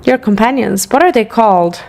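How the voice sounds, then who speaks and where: A woman's voice: a little high, normal speed, vocal fry, a little mellow, faint music behind. A woman reading as a polite young scholar. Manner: plain reading of game dialogue.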